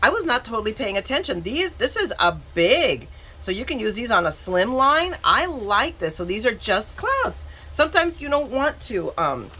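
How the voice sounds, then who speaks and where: A woman's voice: on the high side, sing-song, normal speed, hardly any pauses, bright, forceful tone, breathy edge. A woman from southern Florida chatting casually as she unboxes craft supplies, rambling and self-mocking, with frequent restarts. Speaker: craft vlogger.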